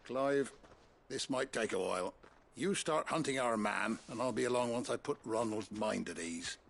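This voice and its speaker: An actor playing a calm, steady ally in a video game, soothing and urging others. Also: male voice, mid-range voice, moderate pace, gravelly, a little hiss or hum.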